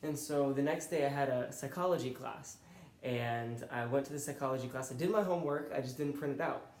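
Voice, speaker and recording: A man's voice: mid-range voice, a little fast, darkish tone. A young man telling a personal faith testimony in an earnest, conversational way. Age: young adult. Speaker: college student and youth pastor. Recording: roomy echo.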